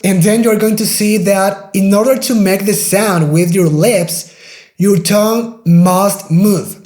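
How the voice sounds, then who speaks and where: A man's voice: sits high, a little mellow, roomy sound. Spanish-accented man teaching pronunciation. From Spain. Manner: patient, demonstrating sounds slowly and repeating words. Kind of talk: pronunciation lesson.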